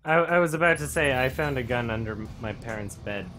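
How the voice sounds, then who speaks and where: A man's voice: mid-range voice, animated, a little fast, low-quality recording. Swearing gamer man over game music. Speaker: streamer playing the game. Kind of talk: casual chat while gaming.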